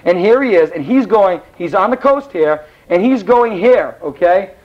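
A man with a high-sitting voice teaches a Bible class at a normal speed, in a casual, rambling storytelling style, animatedly acting out the characters as he goes. The recording is dull and lo-fi.

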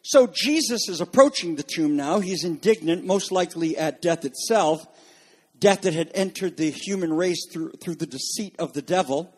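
High-voiced male pastor preaching. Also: expressive, moderate pace, darkish tone, husky. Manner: reads quotations aloud, then explains them. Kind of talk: sermon.

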